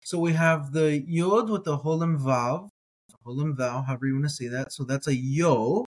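A man's voice: a little high, normal speed. A man teaching a reading lesson, sounding words out syllable by syllable, hesitating with fillers and correcting himself as he goes. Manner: hesitant, with frequent ums and uhs. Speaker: Hebrew teacher.

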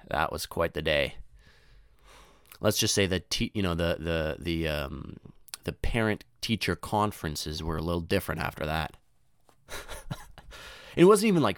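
Animated, swearing young man telling stories. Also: on the low side, moderate pace, dry recording, clean studio sound. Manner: rambling, profane, slangy, acts out voices. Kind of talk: casual storytelling monologue.

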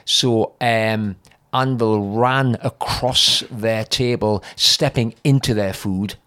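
A man's voice: on the low side, steady tone, slow, fairly bright tone, smooth. An older man, a comedian guest, telling rambling anecdotes in a casual podcast chat.

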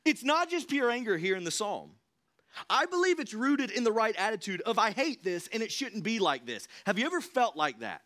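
A young man preaching a sermon in a church, in a conversational, animated way. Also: sits high, fairly quick. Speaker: pastor. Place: church sanctuary.

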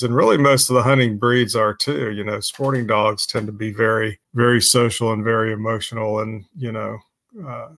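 A man's voice: medium pitch, fairly bright tone, no room sound. A man with an ordinary mid-range voice talks through a casual livestream chat. He rambles and restarts, padding his sentences with fillers and swearing. The recording is dry and close. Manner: rambling, filler-heavy, crude. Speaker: podcast co-host.

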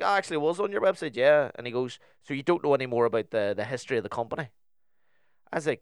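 A man's voice: mid-range voice, expressive, fast talker, smooth, no room sound, studio quality. A young man with a Northern Irish accent, telling a story in casual chat on a podcast and acting out both sides of the conversation.

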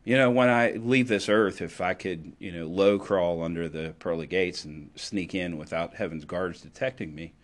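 A man delivering an impassioned political monologue, emphatic and sarcastic, swinging between loud declarations and low asides. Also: normal speed, few pauses. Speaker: political commentator.

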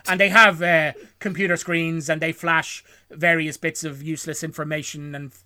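Bright rambling man. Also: fairly high pitch, flat delivery, normal speed, no room sound, studio quality. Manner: rambling, self-correcting, chuckles often. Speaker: podcast co-host recapping a film. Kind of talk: casual chat.

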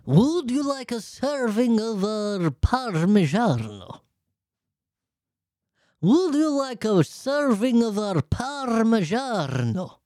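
A man voicing an overly polite male Italian waiter, with a slow, high, sing-song fake-Italian lilt. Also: sing-song, darkish tone, no echo, studio quality, heavily acted. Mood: courteous. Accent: mock Italian.

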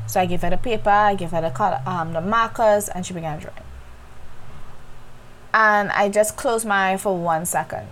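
A woman's voice: medium pitch, slight background noise, rough recording. A woman hosting a reflective faith podcast, talking candidly and directly to her listeners. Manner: candid, conversational, addresses listeners as y'all. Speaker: podcast host.

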